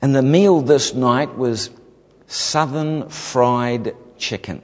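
A man from New Zealand with a New Zealand accent, telling a humorous testimony as a guest preacher, animated and full of comic asides. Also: medium pitch, takes it slowly. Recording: long hall reverb.

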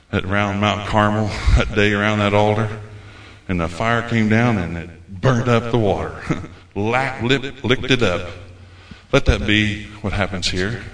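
A man preaching a folksy, animated sermon as a visiting preacher. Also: lowish voice. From United States. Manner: folksy, animated, acts out quoted voices. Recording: echoey room.

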